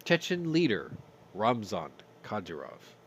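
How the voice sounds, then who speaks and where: A man's voice: lowish voice, wildly swooping pitch, unhurried, a little hiss or hum. A stuffy-nosed man hosting a casual news roundup, reading stories and adding sarcastic, profane jokes. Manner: sarcastic, swears, reads news then jokes. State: stuffy from sinuses. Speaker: news commentary host.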